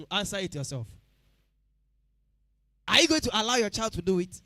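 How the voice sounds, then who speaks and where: A Ghanaian-accented man preaching at a midweek church service, his voice pitched high for a man. He presses the congregation with direct questions and repeats his points for emphasis. The sound is close and dry, with no room echo. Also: sing-song, moderate pace, pauses often, pushed and bright.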